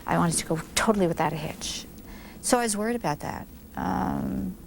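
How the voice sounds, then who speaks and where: A woman in her fifties from the United States, candidly recalling events in an interview, animated, with frequent restarts. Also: fairly low pitch, normal speed, gravelly, a little hiss or hum. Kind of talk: reflective interview recollection.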